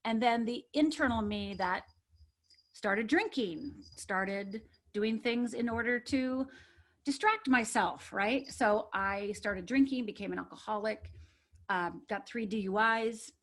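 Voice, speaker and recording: A little high and a little slow, the voice comes from a life coach from Upper Michigan, USA, who is guesting on a podcast. She tells a personal story in an earnest, emphatic way, checking in with "right?" again and again.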